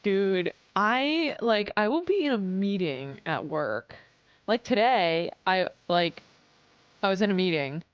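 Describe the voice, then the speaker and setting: A woman's voice: medium pitch, animated, takes it slowly, clear, resonant tone, dry recording. A woman in a casual live stream, rambling through stories, swearing freely and reading chat aloud. Her voice sits in a middle range and sounds dry and close. The recording is a little dull. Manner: chatty, swears often, reads chat aloud, acts out customers.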